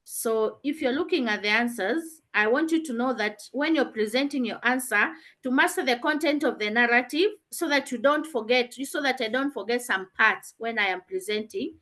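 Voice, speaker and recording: Woman teacher on a video call, explains and questions students, slightly high pitch. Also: moderate pace, hardly any pauses, sharp tone. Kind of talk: online revision class.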